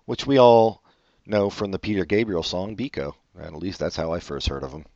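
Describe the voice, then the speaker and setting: A man's voice: sits low, moderate pace, mellow, dry recording. A man co-hosting a casual film podcast, rambling and trailing off, swearing when he slips. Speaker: podcast co-host. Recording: dry, dull lo-fi sound.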